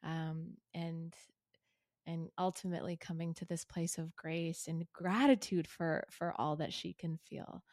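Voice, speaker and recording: A woman's voice: fairly low pitch, steady tone, unhurried, no room sound, clean studio sound. A woman from Canada hosting a podcast, earnest and thoughtful, sharing memories openly. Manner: earnest, thoughtful, with soft affirming murmurs. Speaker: podcast host. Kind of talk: reflective conversation.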